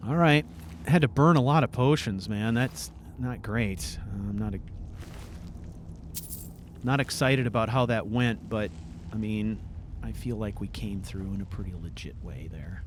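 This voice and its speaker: A man hosting a let's play, chatting casually over his gameplay, swearing freely and breaking into sudden excited outbursts. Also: lowish voice, measured pace, background noise.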